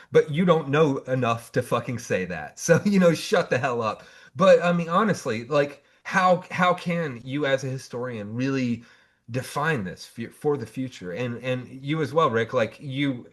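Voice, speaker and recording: A man from the Southern United States, a Marine veteran hosting a podcast interview, speaking in a blunt, heated way and swearing freely. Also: mid-range voice.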